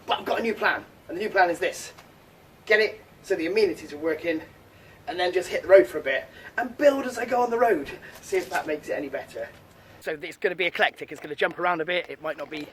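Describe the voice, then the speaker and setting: A man's voice: fairly high pitch, animated, a little fast, far from the mic, a little hiss or hum. Chatty Englishman narrating his van build. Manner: chatty, wry and self-deprecating. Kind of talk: casual DIY build narration. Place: in and around a camper van, partly outdoors.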